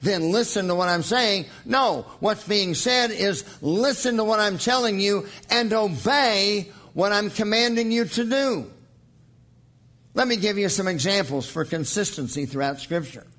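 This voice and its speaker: A man preaching a sermon in an earnest teaching tone, slowing down for emphasis and reading scripture aloud. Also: sits high, a bit bright.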